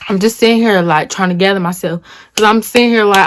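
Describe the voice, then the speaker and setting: Animated woman telling a story. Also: medium pitch, a little fast, slight background noise. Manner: animated, dramatic retelling with slang. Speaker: vlogger. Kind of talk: casual storytime vlog.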